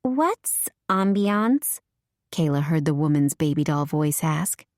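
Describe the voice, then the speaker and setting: A woman narrating fiction in an even, measured way. Her voice sits a bit low and the sound is close and completely dry, as from a booth. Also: no echo. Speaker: audiobook narrator. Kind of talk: scripted narration.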